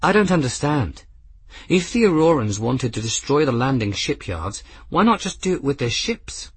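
A man voicing an earnest young woman who sounds hesitant while trying to be respectful, in a raised, husky voice. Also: medium pitch, sing-song, normal speed, voice pushed up.

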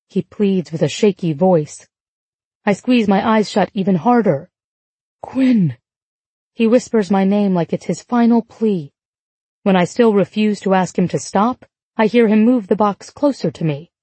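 A woman narrates a novel in the first person with a measured, emotive reading. Her voice is husky and mellow in tone. The recording is dry and close, with no room sound. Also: mid-range voice, no echo. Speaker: audiobook narrator.

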